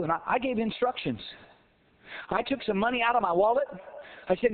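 A man pastor preaching a sermon, emphatic, with rhetorical questions and shouted, repeated lines. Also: very high voice, lively intonation, a little fast. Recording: tinny phone-like sound.

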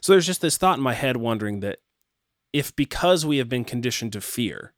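A man's voice: mid-range voice, expressive, a little fast, no room sound. Reflective man thinking aloud, dry mic. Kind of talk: casual faith discussion.

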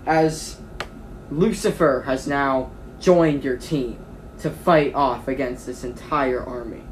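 A game master narrating a tabletop game in a rambling way, with many pauses and restarts. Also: medium pitch, slight background noise.

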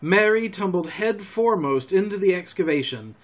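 A man hosting a storytelling show, reading a classic novel aloud in a calm, homely way. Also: sits high, moderate pace. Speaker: storyteller host.

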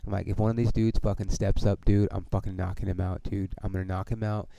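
Gravelly low-voiced man ranting profanely. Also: fast talker, highs cut off. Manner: heavy swearing, heated and animated; frequent fillers like "dude" and "okay". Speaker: podcast host. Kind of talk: casual storytelling monologue.

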